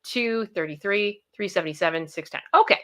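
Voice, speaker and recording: Speaking fairly quickly in a mid-range voice, a young livestream host keeps up casual, repetitive chatter while thanking her viewers one by one by name.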